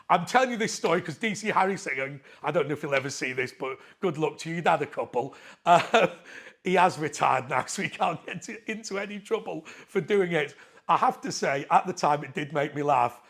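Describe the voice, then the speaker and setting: A man's voice: on the high side, a little fast, creaky, fairly bright tone, husky. An English man telling a casual anecdote to camera in a chatty, cheeky way, acting out the dialogue with shifting voices. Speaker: storyteller, channel host.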